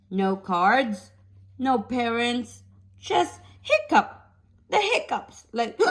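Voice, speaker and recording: A mother reading a picture book aloud to her toddler, playful and repetitive, often stopping to ask the child about animal sounds. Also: high-pitched.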